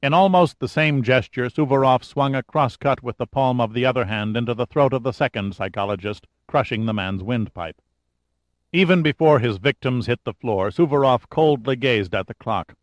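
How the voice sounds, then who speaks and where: A man reading a thriller audiobook in a steady, measured storytelling voice. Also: mid-range voice, no echo. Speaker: audiobook narrator. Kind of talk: scripted thriller narration.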